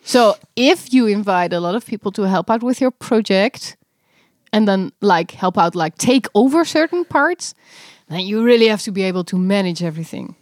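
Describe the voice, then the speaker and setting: A woman's voice: medium pitch, lively intonation, moderate pace, no room sound, studio quality. A woman co-hosting a podcast, chatting casually and laughing often. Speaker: podcast co-host. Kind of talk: casual chat.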